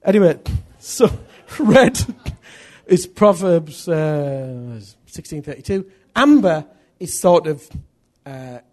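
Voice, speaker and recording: A middle-aged man preaching a sermon, animated, acting out little dialogues as he tells stories. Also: fairly high pitch, slow pace. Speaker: pastor.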